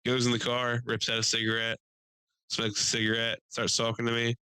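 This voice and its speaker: A man's voice: mid-range voice, completely flat delivery, brisk, sharp tone, clean tone, dry recording, rough recording. A young American man telling a rambling story in casual chat, swearing and laughing often, slipping into voices. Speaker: podcast host.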